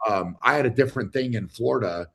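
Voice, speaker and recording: A man talking easily as a guest on a livestream. His voice sits at an ordinary middle pitch. He speaks in a loose, halting way, full of fillers and restarts. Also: vocal fry, noisy background. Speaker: guest athlete. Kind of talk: casual livestream chat.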